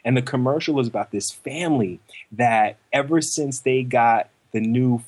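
A relaxed man in conversation, his voice sitting in an ordinary middle pitch, telling stories with lively animation and popping up into higher put-on voices when he quotes people. He sounds easygoing and chatty, full of casual fillers. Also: moderate pace. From lived in New York. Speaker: actor guest. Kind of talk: casual interview storytelling.

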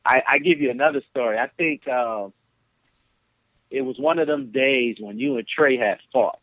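Man from Flint, podcast guest, animated storyteller, dry tinny phone line. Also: medium pitch, normal speed, dry recording. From Flint, Michigan. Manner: animated, acts out the people in his stories.

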